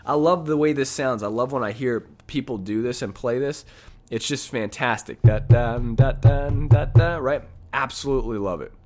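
A man's voice: mid-range voice, normal speed. Casual male music teacher scatting rhythms. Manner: casual, scats rhythms aloud, says "right?" often. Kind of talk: breaking down his own recorded piano solo. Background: faint piano music.

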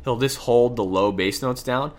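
A man's voice: medium pitch, moderate pace. A man with a cold and a slight lisp, casually explaining solo piano technique and often checking in with "right?". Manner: relaxed, self-correcting explanations with frequent "right?". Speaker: piano teacher. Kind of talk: casual music lesson. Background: piano playing between explanations.

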